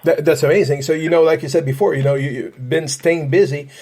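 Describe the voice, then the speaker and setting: A man with a fairly high voice hosts a casual podcast interview. He rambles and restarts often, stacking fillers as he circles toward his questions. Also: fairly even intonation, fairly quick, a little mellow. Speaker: podcast host, paranormal investigator.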